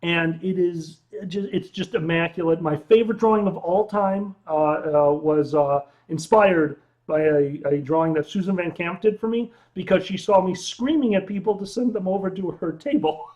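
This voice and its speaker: Brief: male comedian guest, high voice, rowdy and profane, quick to get loud. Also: dull audio. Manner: loud, excitable, swears freely. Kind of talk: casual late-night livestream chat.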